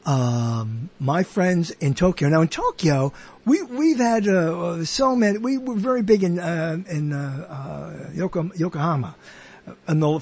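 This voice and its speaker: Husky man rambling with jokes. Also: sits high, a little mellow. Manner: self-deprecating, joking and digressive. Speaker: host. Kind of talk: casual rambling monologue.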